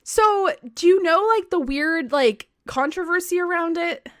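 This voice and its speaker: A woman co-hosting a podcast, telling a history story in animated, chatty talk full of "like" and the odd swear word. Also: extremely high pitch, unhurried, no echo, clean studio sound. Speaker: podcast co-host. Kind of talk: casual chat, storytelling.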